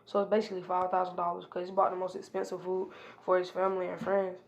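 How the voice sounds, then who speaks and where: A woman's voice: lowish voice, completely flat delivery, quick pace, dull audio. A woman casually retelling an improvised fan story, rambling from event to event with lots of hesitation fillers. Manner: rambling, strings events with "and then he was like".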